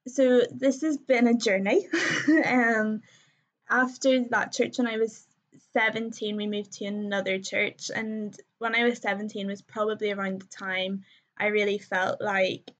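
A young woman telling her story as a podcast guest, chatty and full of ums and likes, laughing often. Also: medium pitch. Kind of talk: casual conversational storytelling. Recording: slightly muffled lo-fi sound.

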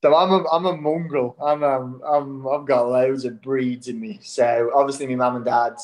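A man's voice: mid-range voice, steady tone, normal speed, a little mellow, poor audio. A young man from Australia, a national team footballer, with a Scouse-like Irish-Australian accent, chatting casually in an interview and rambling through restarts as he gets spirited. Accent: Irish-Australian mix, Scouse-like.

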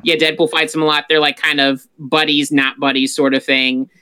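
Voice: medium pitch, little pitch movement, normal speed, pushed and bright, clear, resonant tone. A podcast co-host in casual pop-culture chat, rambling and opinionated, full of fillers.

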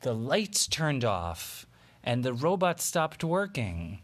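Man telling a made-up bedtime story, slow, gentle, with pauses and fillers. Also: mid-range voice, very animated.

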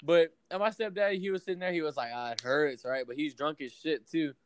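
A man's voice: fairly high pitch, fairly quick, clean tone. A young man casually telling a long story to friends, rambling and profane with lots of fillers. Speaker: podcast co-host telling a story.

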